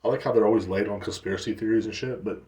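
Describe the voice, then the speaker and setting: A man's voice: lowish voice, steady tone, rapid-fire, a little mellow, recorded from a distance. A man hosting a solo podcast, ranting in a profane, rambling way with frequent restarts. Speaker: podcast host. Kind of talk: casual solo podcast rant. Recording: echoey room, off-mic.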